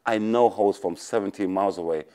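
A man doing loud, teasing comic banter on a dating show, swinging between shouts and mutters. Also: on the low side, brisk. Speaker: comedian dating show contestant.

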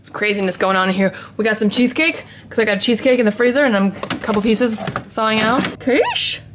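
A woman's voice: medium pitch, steady tone, fast, background noise. A young woman chatting to her camera as she walks around her house, rambling and laughing often. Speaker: vlogger. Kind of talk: casual chat to camera. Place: at home, walking around the house.

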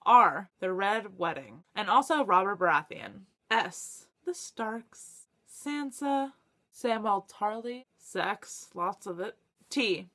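A young woman talks to camera for her book vlog in a casual, chatty way. Her voice is bright and forward, and she gets excitable, laughs often and swears when stuck. Her pitch sits in a middle range for a woman. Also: slow pace. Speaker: book vlogger.

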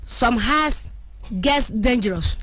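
A woman with a Ghanaian accent chatting casually with the host, playful and halting in English. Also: a little high, animated, fairly bright tone, dry recording. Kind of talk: casual chat.

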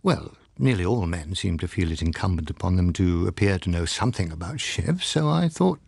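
A man reading the part of a wistful, teasing young wife in an audiobook, his voice lifted and soft. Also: low voice, big pitch swings, a little fast, creaky, husky, dry recording, voice pushed down, exaggerated voice.

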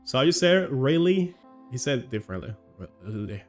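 A man's voice: medium pitch, sing-song, racing, soft background music. A man streaming a game live and chatting casually, laughing often and swearing now and then. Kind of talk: live gameplay commentary.

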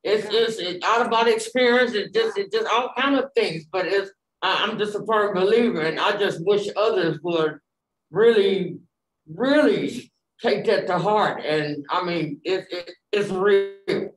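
A woman shares a personal testimony with a group, telling it with animated energy and slipping into the voices of the people in her story. Her pitch sits in the middle range. The sound carries a noticeable room echo. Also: a little slow. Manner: animated storytelling, acting out dialogue, many fillers. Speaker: Bible study participant. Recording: echoey room.

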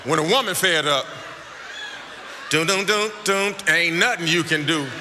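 A man preaching from the pulpit in a high, ringing voice with a lilt, his shouted and half-sung phrases carried through a big hall with a long echo. The congregation's noise sits plainly underneath. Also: measured pace. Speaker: pastor. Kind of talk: sermon. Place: church sanctuary. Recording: large echoing church hall with crowd noise.

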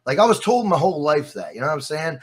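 A man guesting on a casual podcast, his voice sitting a little high for a man. He tells stories with lively energy, swears freely and repeats his phrases for weight. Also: fast, breathy edge. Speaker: interview guest.

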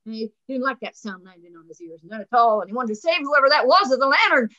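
A woman's voice: sits high, expressive, fairly quick, few pauses, fairly bright tone, highs cut off. A woman telling a folksy first-person tale with dramatic flair, over a video call. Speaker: storyteller. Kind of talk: live folksy storytelling.

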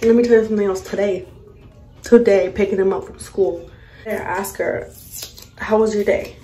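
Profane, exasperated young mom vlogger. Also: female voice, mid-range voice, steady tone, moderate pace, warm tone, soft background music. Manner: blunt, profane, exasperated storytelling. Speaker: vlogger, mother. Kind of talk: casual storytime while doing makeup. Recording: echoey room.

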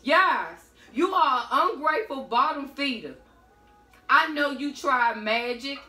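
A woman's voice: high voice, a little slow, roomy sound. A woman giving a blunt, sassy tarot reading in a casual monologue. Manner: sassy, blunt, animated storytelling. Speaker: tarot reader.

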